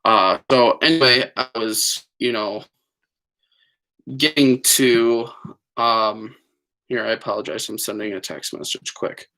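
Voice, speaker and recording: A man's voice: fairly low pitch, steady tone, takes it slowly, sharp tone. A man telling a story on a live stream in a chatty, digressive way, with lots of fillers and apologies. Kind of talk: rambling casual storytelling.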